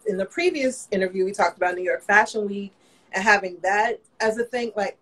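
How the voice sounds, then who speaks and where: A woman's voice: mid-range voice, fairly quick, a bit bright, rough recording. A woman fashion designer, a guest in a casual interview, telling her story candidly with lots of "you know".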